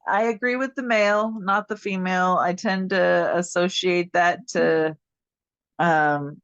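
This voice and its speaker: Lower-voiced woman on a podcast, blunt, swears a lot, muffled sound. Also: steady tone, a little slow, clear, resonant tone, no room sound. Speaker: podcast co-host. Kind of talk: casual chat.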